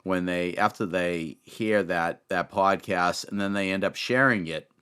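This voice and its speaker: A man's voice: low-pitched, a little slow, fairly bright tone, clear, resonant tone. A man hosting a podcast who talks earnestly and at length, praising his guests. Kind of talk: casual chat.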